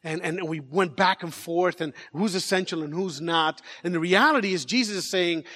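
A man's voice: sits high, moderate pace, sharp tone, long reverb tail. A man preaching a sermon as pastor, telling a story with animation, repeating words and joking with the congregation. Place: large church.

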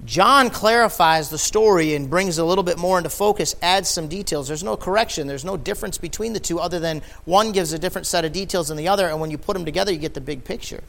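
A man preaching a sermon, building from quiet explanation to impassioned, near-shouted emphasis. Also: high voice, fast, vocal fry, few pauses.

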